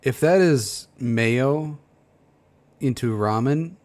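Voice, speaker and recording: A man's voice: medium pitch, slow pace, darkish tone, soft background music. A man in his thirties making blunt, exasperated side comments during a casual stream. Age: 30s.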